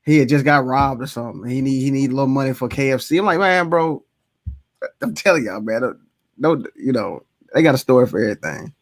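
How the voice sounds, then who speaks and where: A man's voice: medium pitch, expressive, quick pace, dry recording. A man in a casual chat, telling a blunt story about strangers asking for money.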